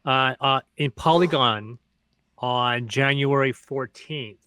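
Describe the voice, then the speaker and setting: A man's voice: mid-range voice, takes it slowly, sharp tone, smooth, dry recording. A man co-hosting a gaming podcast who runs his own campaigns, speaking hesitantly with frequent restarts. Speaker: podcast co-host, game master. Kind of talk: casual podcast chat.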